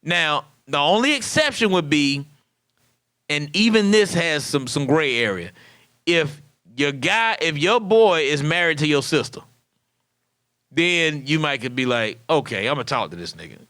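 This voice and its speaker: A man in his thirties hosting a comedic podcast monologue, acting out quoted dialogue in an animated way. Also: fairly high pitch, a little slow, clean tone, dry recording. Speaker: podcast host.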